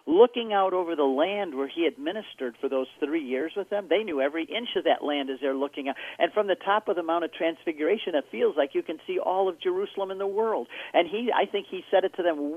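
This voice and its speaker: A man giving an animated, storytelling-style account as a guest on a radio interview, heard over a phone line. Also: a little high, dry recording. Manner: animated storytelling, acting out characters.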